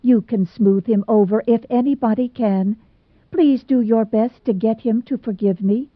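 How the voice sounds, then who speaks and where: A woman's voice: fairly high pitch, moderate pace, dry recording, voice pushed up, natural voice. Woman doing a tearful, fretful young bride. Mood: pleading. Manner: breathless, pleading, stammering. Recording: dry tinny phone-like sound.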